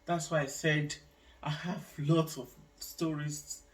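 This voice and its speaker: A woman from Nigeria telling her own story in an emotional, halting way, restarting sentences and adding religious asides. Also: low voice, fairly even intonation, recorded from a distance. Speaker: vlogger sharing her life story. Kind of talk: personal testimony vlog.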